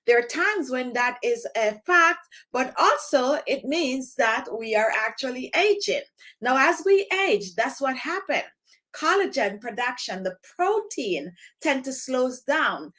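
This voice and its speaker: A woman's voice: high voice, fairly bright tone. A woman hosting a live skincare stream from home, chatting directly to her viewers. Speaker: skincare channel host.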